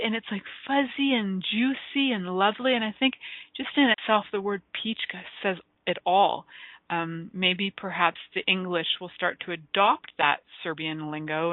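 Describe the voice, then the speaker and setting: A woman's voice: mid-range voice, dry recording. Playful, joking woman talk host; phone-line quality, dry. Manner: playful, giggly, joking, bawdy. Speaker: radio show host. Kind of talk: casual talk radio monologue.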